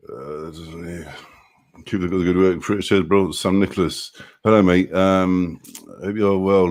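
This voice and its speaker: A deep-voiced man who drives trucks chats easily on a live stream. He laughs often while reading viewer comments and greeting people by name.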